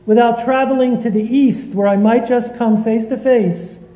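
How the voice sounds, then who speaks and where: A man giving a sermon as rabbi in a synagogue, asking slow, reflective rhetorical questions. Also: very high voice, steady tone, dark tone. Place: synagogue sanctuary. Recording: echoey long reverb of a large hall.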